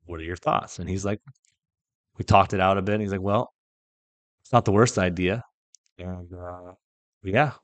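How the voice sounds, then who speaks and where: Young man, very low voice, dry close sound, rambling candid storytelling, podcast host. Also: fairly even intonation, moderate pace, pauses often, no echo. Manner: rambling, with many restarts and quoted dialogue; candid, swears casually. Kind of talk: casual faith podcast monologue.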